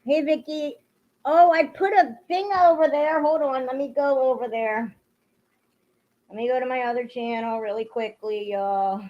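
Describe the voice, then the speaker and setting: A woman's voice: sits high, fairly even intonation, moderate pace. A woman hosting a casual livestream, greeting viewers by name and venting bluntly with plenty of swearing. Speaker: livestream host. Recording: dull lo-fi stream audio.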